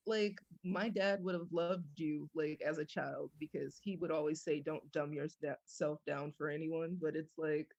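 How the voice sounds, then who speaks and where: A woman's voice: sits low, fairly even intonation, unhurried, gravelly, hardly any pauses, a little mellow, dry recording, lo-fi sound. A woman from Boston with a Boston accent, talking thoughtfully in a casual panel chat.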